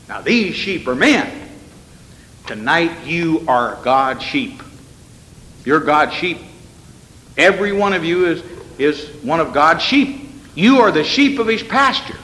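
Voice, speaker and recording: A man's voice: on the high side, big pitch swings, takes it slowly, pauses often, sharp tone. A male pastor giving an evening sermon in a church, reading scripture and pressing points with rhetorical questions and folksy asides. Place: church sanctuary. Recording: echoey hall with long reverb.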